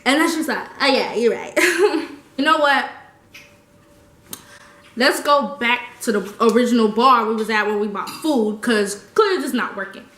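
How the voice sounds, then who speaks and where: A young woman telling a story casually, animated and slangy, laughing often. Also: a little high, measured pace, roomy sound. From United States. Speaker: vlogger.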